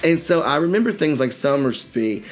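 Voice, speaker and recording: A man's voice: a little high, very animated, moderate pace, faint music behind. A man in his forties co-hosting a podcast with jokey, playful, nostalgic casual chat. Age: 40s. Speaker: podcast co-host.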